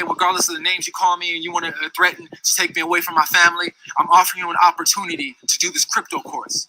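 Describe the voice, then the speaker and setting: A man's voice: high voice, bright, forceful tone, slight background noise, rough recording. A man telling a long personal story in a casual, heated, rambling way, full of restarts and asides. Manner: heated, rambling, many restarts and "you know what I'm saying". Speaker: storyteller recounting a dispute.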